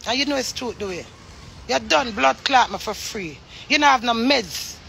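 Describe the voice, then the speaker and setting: A woman's voice: on the high side, lively intonation, normal speed, gravelly, bright, forceful tone, slight background noise. A Jamaican woman ranting angrily on a phone livestream, heated, profane and accusing. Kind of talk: angry livestream rant.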